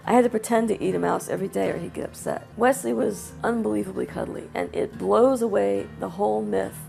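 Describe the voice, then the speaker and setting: A woman's voice: mid-range voice, fairly quick, creaky, darkish tone, soft background music. A woman who cared for a wild bird tells her story in an interview, talking in a reminiscing, conversational way. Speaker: wildlife caretaker.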